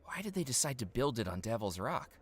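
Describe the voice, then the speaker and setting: A man's voice: medium pitch, sing-song, quick pace, breathy edge. An actor playing a wry male investigator who narrates a video game in a dry manner. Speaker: game character.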